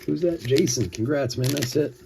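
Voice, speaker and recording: Over a noisy background, a middle-aged man with a gravelly, mid-range voice talks at normal speed during a card-break livestream. He's casually chatting as he opens cards, spinning stories, laughing frequently, and reading names between asides.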